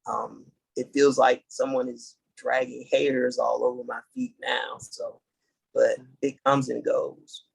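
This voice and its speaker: A middle-aged man from the United States, a podcast guest, telling his story in an earnest, halting way and restarting dates as he goes. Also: mid-range voice, little pitch movement, gravelly, husky, poor audio. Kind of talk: casual interview storytelling.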